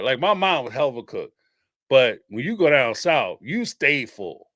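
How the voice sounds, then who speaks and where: Animated man mixing Northeastern and Southern accents. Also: medium pitch, normal speed, no room sound, clean studio sound. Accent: mix of Northeastern US and Southern US. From northeastern United States. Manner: animated storytelling, laughs often, casual swearing. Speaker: host. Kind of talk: casual commentary answering viewers.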